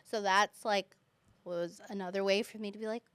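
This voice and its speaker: A woman's voice: medium pitch, steady tone, normal speed, a bit bright, smooth, no room sound. A woman who teaches kindergarten, chatting as a guest on a podcast and acting out her students' voices. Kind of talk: casual podcast chat.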